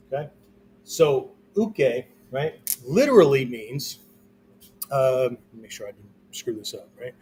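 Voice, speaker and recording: With a little hiss or hum on the recording, a man of medium pitch teaches martial arts at a whiteboard. He explains conversationally and loosely, with fillers, asking "okay?" or "right?" after almost every phrase.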